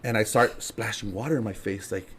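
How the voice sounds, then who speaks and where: A man telling a story as a podcast guest, casual and animated, laughing and acting out other people's lines. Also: on the low side, brisk, husky. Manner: animated, laughing, acts out quotes.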